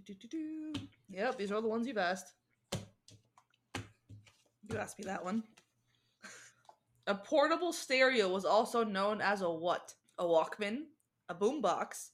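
A woman's voice: mid-range voice, animated, a little slow, pauses often. A woman co-hosting a podcast in casual chat, laughing often and swearing freely. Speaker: podcast co-host.

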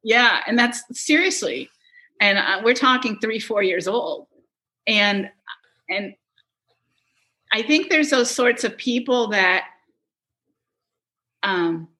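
A middle-aged woman chatting in an interview, telling animated stories, laughing often and quoting people. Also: medium pitch. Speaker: guest, touring production manager. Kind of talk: casual interview chat.

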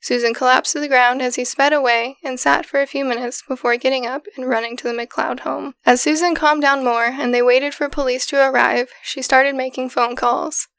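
A woman podcast host recounting a case in a steady, matter-of-fact way, in casual storytelling style. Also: sits high, normal speed, creaky, few pauses, smooth, dry recording. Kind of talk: casual true-crime storytelling.

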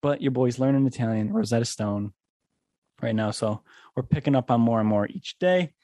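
A man's voice: medium pitch, normal speed, warm tone, dry recording. A young man hosting a casual solo podcast, rambling and filling his talk with "like" and "um.". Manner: rambling, with lots of "like" and "um". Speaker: podcast host.

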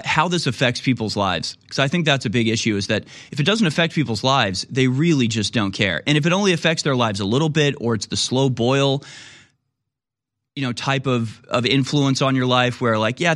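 A man's voice: medium pitch, fairly bright tone, dry recording, clean studio sound. A man hosting a talk radio show, rambling in a casual monologue and now and then acting out other people.

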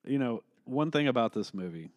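A man's voice: mid-range voice, expressive, brisk, no room sound, clean studio sound. A man co-hosting a casual movie review podcast, rambling and swearing freely, laughing as he talks. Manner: rambling, profane, laughs often. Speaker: podcast co-host.

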